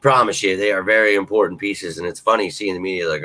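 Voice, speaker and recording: A man riffing on a live-stream sports show with a bright, forceful voice that sits on the low side. He talks straight to his viewers, thinks out loud with restarts and swears freely. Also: quick pace, few pauses, low-quality recording. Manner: animated, swears often, talks to viewers directly; restarts and fillers, thinks aloud. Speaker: sports talk host.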